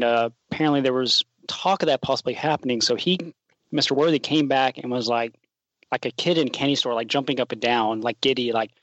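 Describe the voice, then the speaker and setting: A man, a teacher advisor guesting on a podcast, telling a story in a relaxed way with many fillers. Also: mid-range voice, no echo, highs cut off. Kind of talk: storytelling in an interview.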